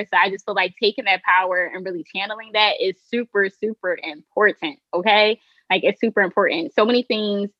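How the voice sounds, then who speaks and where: A woman's voice: medium pitch, no echo, lo-fi sound. A woman guest on a casual podcast, upbeat and emphatic, saying "like" and "okay" a lot.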